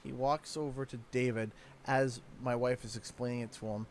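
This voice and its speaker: A Canadian man in his thirties chatting casually while playing a game, telling animated stories and laughing often. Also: medium pitch, normal speed, slight background noise. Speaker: gaming YouTuber.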